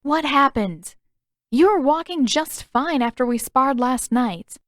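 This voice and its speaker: A bold teenage waterbender girl calls out with pushy, insistent energy, her voice lifted higher than the surrounding reading, played by a woman narrator. The storybook recording is dry and close, with no room sound. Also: animated, unhurried, no room sound. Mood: demanding. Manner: loud, bright and insistent.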